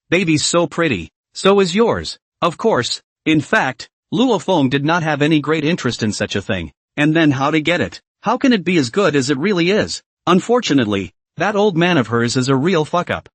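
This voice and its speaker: A man's voice: fairly high pitch, no echo. A man narrating a comic story recap in a scripted read, reading every character's lines in the same narrating voice.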